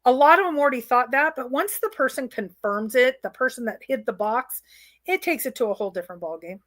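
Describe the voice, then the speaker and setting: A woman's voice: a little high, animated, brisk, fairly bright tone, no echo. A woman co-hosting a casual chat, eager and analytical, acting out quotes with animation. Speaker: co-host.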